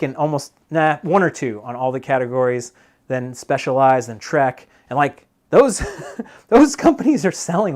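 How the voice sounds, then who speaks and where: A man chatting casually on a live stream while he works on a mountain bike, rambling with lots of fillers and laughs. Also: on the high side.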